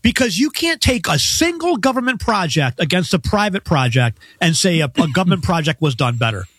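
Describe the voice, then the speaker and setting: A middle-aged man hosting a political talk show, chatting in animated bursts with many quick asides. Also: high voice, slightly rough, dry recording, clean studio sound. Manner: animated, talks in bursts with lots of "right?" asides. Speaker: host.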